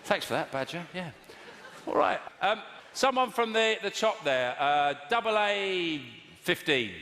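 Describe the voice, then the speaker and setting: A man's voice: sits high, expressive, a little slow, pushed and bright, a little hiss or hum. A man from England doing stand-up and bantering with the crowd, rambling and correcting himself as he goes. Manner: rambling, self-correcting, mock-outraged. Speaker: stand-up comedian. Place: live venue with audience. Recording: echoey hall, live audience.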